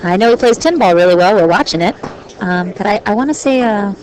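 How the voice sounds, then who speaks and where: Woman, easygoing pool commentator, mid pitch, noisy live feed. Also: animated, quick pace, darkish tone. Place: pool hall. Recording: noisy live-stream audio.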